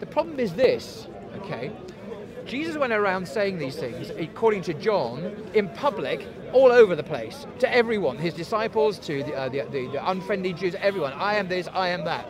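A man with a high, light voice argues his case in a heated street debate. He is earnest and insistent and drives points home through repetition. Crowd chatter and traffic surround him in an open-air city park. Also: very animated, normal speed. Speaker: debater at a public speakers' corner. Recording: outdoor recording with crowd chatter. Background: crowd chatter and passing traffic.

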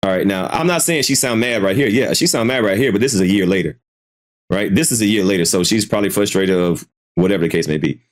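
A man's voice: on the low side, fast talker. A man hosting a casual live commentary stream, hesitant and repeating himself, swearing freely as he reacts. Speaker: commentary channel host.

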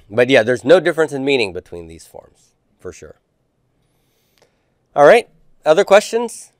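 Smooth-voiced man teaching Greek. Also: fairly high pitch, sing-song, measured pace, no room sound, studio quality. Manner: quizzing students with questions, patient. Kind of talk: classroom homework review.

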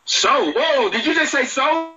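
A man's voice: very high-pitched, lively intonation, unhurried. A man arguing defensively on a phone-in show, cursing and cutting in. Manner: defensive, argumentative, cusses. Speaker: show host on a phone-in clip. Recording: muffled clip with faint noise.

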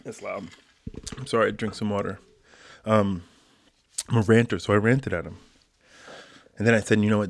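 A man with a low voice hosts a solo podcast and rants at length in loose, slangy speech, tossing in "bro." The sound is dry and close, with no room around it. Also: normal speed, gravelly, pauses often, dry recording. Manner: animated ranting, slangy, says bro. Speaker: podcast host. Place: home, quarantine.

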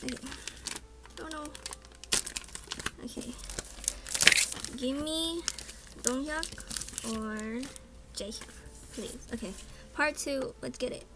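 A young woman vlogger chatting casually through an unboxing, gasping and squealing with excitement. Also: high-pitched, takes it slowly, long pauses, heavy background noise. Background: background music.

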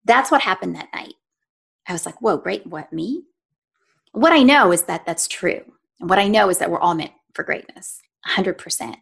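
A woman speaks as a podcast guest, recounting a personal story in an earnest, conversational way. Her voice sits on the low side, with a gravelly fry running through it. She often acts out her own inner dialogue and turns to the listener with "right?". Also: expressive, fairly quick, fairly bright tone. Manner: frequent "right?" and "you know" asides to the listener. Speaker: podcast guest, nutritionist and life coach.

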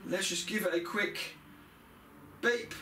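A man's voice: a little high, moderate pace, heavy background noise. A man casually talking through a motorbike service he is doing, in a chatty, grumbling, matter-of-fact way. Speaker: motorbike mechanic vlogger. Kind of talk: casual working commentary. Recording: roomy sound from a distant camera mic.

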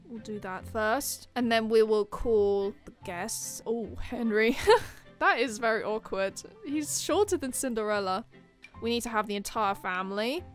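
Woman, high voice, slow unhurried delivery, excitable, giggly, let's play commentary. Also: soft background music. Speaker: gaming channel host.

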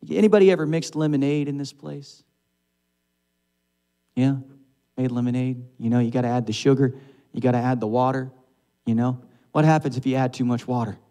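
A man's voice: medium pitch, fairly quick, long pauses, warm tone. A man preaching a sermon in a church sanctuary, speaking in a conversational way and asking his congregation questions. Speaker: pastor.

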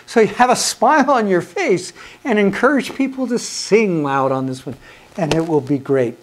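A man's voice: sits high, expressive, normal speed. A man teaching hymn conducting in an instructional video, patient and encouraging, counting beats aloud and asking questions that he answers himself.

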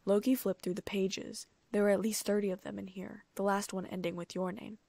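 A woman narrates a fan fiction audiobook in a steady reading voice. Her delivery is flat, with a slightly gravelly edge, and the recording is close and dry. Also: mid-range voice, a little fast, no echo. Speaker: audiobook reader.

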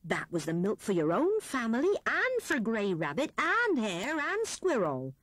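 A woman's voice: on the high side, huge pitch swings, a little slow, fairly bright tone, dry recording, pitched above the performer's own voice, exaggerated voice. A woman voicing a kindly old male hedgehog who grumbles in a plain, homely way. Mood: gruff.

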